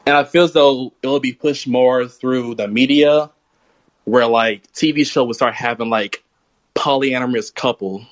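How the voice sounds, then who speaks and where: A young man calling in to a live stream for the first time, nervous and halting, with many ums. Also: mid-range voice, fairly even intonation, no room sound. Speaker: caller. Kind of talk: casual call-in talk.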